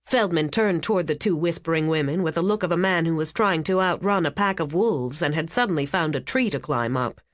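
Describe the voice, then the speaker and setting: Low-voiced woman narrating an audiobook. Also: fairly quick, few pauses, dry recording, clean studio sound. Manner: even, steady storytelling.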